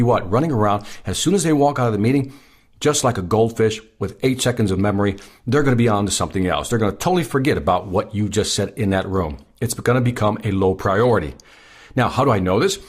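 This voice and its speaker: A man's voice: on the low side, animated, fast, slightly rough. A man hosting a sales advice podcast, speaking emphatically and repeating his key points. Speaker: podcast host.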